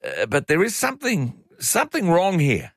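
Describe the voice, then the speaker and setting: A man's voice: fairly high pitch, wildly swooping pitch, moderate pace, creaky, no echo, studio quality. Opinionated Australian talkback host, older man. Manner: opinionated, chatty, reads out listener messages. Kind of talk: talkback radio commentary.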